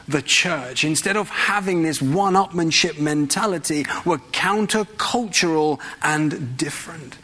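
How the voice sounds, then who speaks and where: A man's voice: a little high, fairly bright tone. A man preaching a sermon in a church, conversational and full of rhetorical questions.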